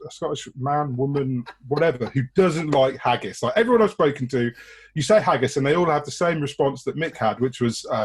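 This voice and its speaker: Man from England, husky, a bit high, sweary, rambling casual podcast chat. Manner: sweary, laughing, rambling anecdotes. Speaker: podcast guest.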